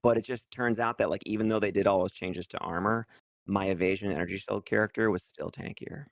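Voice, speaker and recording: Low-voiced, rambling man. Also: fairly even intonation, fairly quick, gravelly, no room sound, studio quality. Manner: rambling, lots of fillers, sarcastic asides. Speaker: guest, game content creator. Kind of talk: casual gaming podcast chat.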